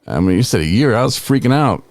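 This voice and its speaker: A man in his forties hosts a podcast, telling a personal story at a quick pace with lively intonation. His medium-pitched voice is a little mellow, with no room sound. He keeps it casual, laughing often and sprinkling in "man" and "you know."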